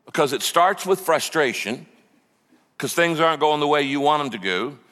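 A man delivering a sermon as pastor, his voice sitting a little high for a man. He speaks to the congregation in a lively, conversational way and acts out quoted lines. The sound carries the long reverb of a large hall. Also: normal speed.

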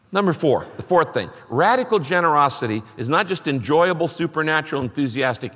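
A man's voice: mid-range voice, fairly bright tone, big-room sound. A middle-aged man preaching a sermon, emphatic and repeating his key phrases as he reads scripture aloud. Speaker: pastor.

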